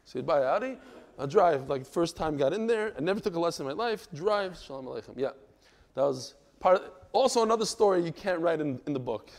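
A man from Brooklyn, New York, teaching a Talmud class in a lively, digressive way, breaking into joking stories. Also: on the high side, a little fast. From United States (Brooklyn, New York).

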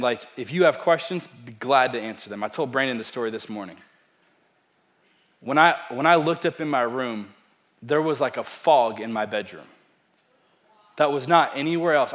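A young man, a pastor, preaching a sermon with animated storytelling and self-deprecating humor. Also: medium pitch, moderate pace.

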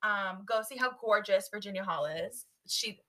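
A woman's voice: medium pitch, moderate pace, pushed and bright. A young woman co-hosting a podcast in casual chat, giggly and chatty, drifting from topic to topic. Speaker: podcast co-host.

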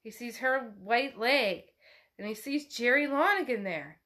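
A woman's voice: on the high side, expressive, a little slow, bright, forceful tone. A woman hosting a podcast, retelling and reading a novel in a chatty, casual way with swearing. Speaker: podcast host. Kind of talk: casual book recap and reading.

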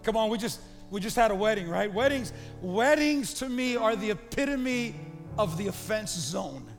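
A pastor preaching a sermon, animated and calling the congregation to repeat after him. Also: male voice, sits high, normal speed. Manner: animated preaching, calls the crowd to repeat lines. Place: church sanctuary. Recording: reverberant hall with faint music.

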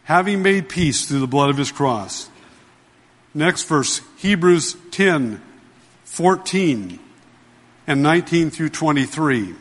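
A man's voice: a little high, lively intonation, takes it slowly, long pauses, fairly bright tone. Emphatic preacher man in a reverberant hall. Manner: emphatic, asks the congregation questions; repeats key phrases, addresses listeners as "dear ones". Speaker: pastor. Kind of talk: sermon.

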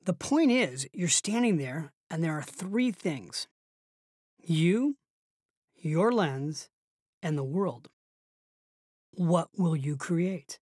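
A woman voicing an elderly, gentlemanly male barista who speaks slowly and thoughtfully in an audiobook reading. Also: lowish voice, lively intonation, husky, dry recording, studio quality, heavily acted. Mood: musing. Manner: slow, thoughtful, old-school.

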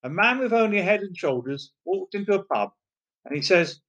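Pub-joke reader; lively voice, lots of pitch movement. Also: a little fast, dull audio. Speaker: joke teller. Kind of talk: reading pub jokes aloud.

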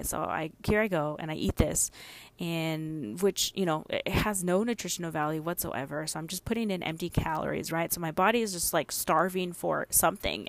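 A young adult woman hosting a solo podcast, chatting casually and retelling events in an animated way, with frequent "like" and "right?". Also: deep voice. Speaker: podcast host.

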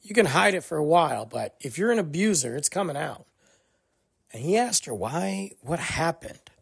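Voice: mid-range voice, big pitch swings, brisk, vocal fry, breathy edge. A podcast host giving a casual commentary monologue, speaking emphatically and acting out quoted dialogue.

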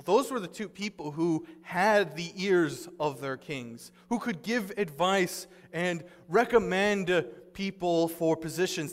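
Man, pastor, sermon, high voice, earnest, conversational, long hall reverb. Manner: earnest, paraphrasing scripture in plain conversational words.

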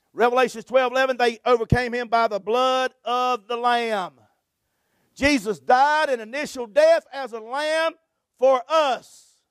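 Male preacher, very high-pitched, fervent, keeps saying amen, dry close sound. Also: fairly bright tone, no room sound. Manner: fervent, punctuates phrases with "amen" and chuckles. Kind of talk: sermon.

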